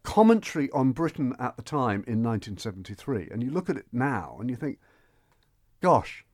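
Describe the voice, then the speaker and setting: Brief: male radio film reviewer, lively sing-song delivery, close dry studio sound. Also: medium pitch, moderate pace, no room sound. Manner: enthusiastic, animated, with frequent restarts. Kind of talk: radio chat.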